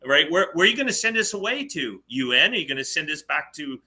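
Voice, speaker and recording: A man from Canada talks politics on a livestream with a sharp, very bright tone and a slightly higher voice than most men. He argues hard, piling up rhetorical questions in an emphatic, opinionated chat. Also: sing-song, fast. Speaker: political talk show co-host. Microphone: livestream call mic.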